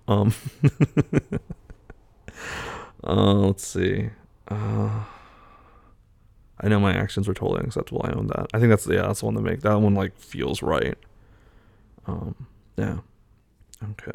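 Casually taking an online quiz aloud, a man thinks out loud in a loose, hesitant manner packed with fillers. His voice is low, heavily gravelly and husky, a little mellow. The dry recording sounds close, with no room around it.

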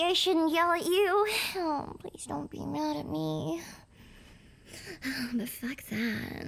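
A young woman with a high-sitting voice plays a clingy, possessive, obsessive girlfriend in a whispered role-play. Her breathy whispers keep breaking into giggles, and the performance is heavily acted.

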